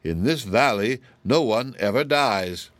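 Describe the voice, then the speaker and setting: A man's voice: medium pitch, expressive, unhurried, fairly bright tone, no echo. A man voicing a huge, falsely sweet giantess witch who talks in a mocking, self-assured way for a storybook reading. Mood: scornful.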